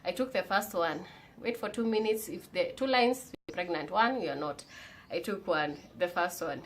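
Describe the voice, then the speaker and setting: A young woman from Kenya with a Kenyan accent tells a personal story in a casual vlog, animated and chatty, switching between English and Swahili slang. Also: lowish voice, moderate pace, slight background noise. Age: young adult. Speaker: vlogger.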